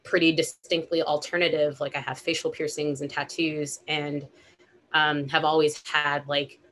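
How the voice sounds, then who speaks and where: A woman on a discussion panel who talks in a measured, thoughtful way, easing into her points. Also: low-pitched, flat delivery, fairly bright tone, a little hiss or hum. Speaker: nude model on a panel.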